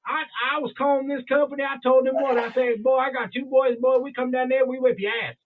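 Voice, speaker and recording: A man putting on a brash Missouri construction man with a deep Southern drawl, repeating "boy". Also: fairly even intonation, fast, noisy background. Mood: brash boasting. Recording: tinny phone-like sound.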